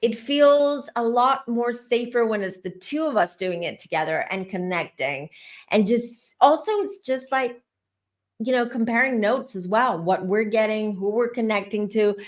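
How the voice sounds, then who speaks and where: A woman's voice: a little high, moderate pace. A woman hosting a casual chat as a psychic medium, talking emphatically with restarts. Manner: emphatic, rambling, frequent restarts.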